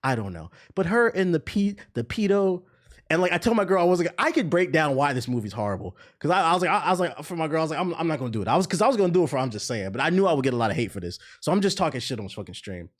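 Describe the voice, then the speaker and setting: A man's voice: a little high, big pitch swings, racing. A young man streamer ranting in casual, profane commentary, now and then mocking voices.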